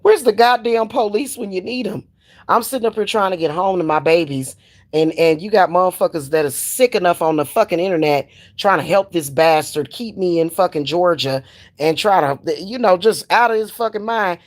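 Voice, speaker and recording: An older woman, ranting in a profane, animated, emphatic monologue as a spiritual practitioner. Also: fairly low pitch, moderate pace.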